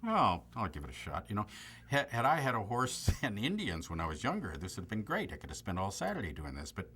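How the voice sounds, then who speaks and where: An older comic actor reminiscing in an interview with a dry, joking delivery. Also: male voice, on the low side, fairly quick, slight background noise. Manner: dry, joking, deadpan asides. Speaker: comedic actor recalling a film.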